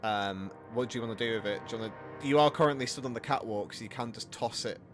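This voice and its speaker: A man's voice: medium pitch, fast, faint music behind. A man narrating a tabletop game as its game master, with a mid-range voice. He talks in a loose, chatty way, full of ums and restarts. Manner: casual, chatty, many fillers and restarts.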